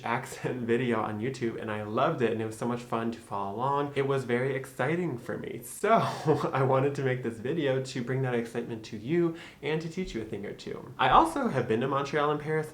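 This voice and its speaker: A young man with a Michigan accent hosting a casual accent tutorial, upbeat and laughing often, slowing down to spell out practice phrases. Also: medium pitch. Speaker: YouTube host teaching accents. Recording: echoey room with faint noise.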